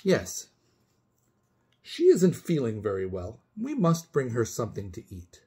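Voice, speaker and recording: A man voicing a calm, gentle old man who speaks slowly and plainly in a storybook read-aloud. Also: medium pitch, slightly rough, full character voice.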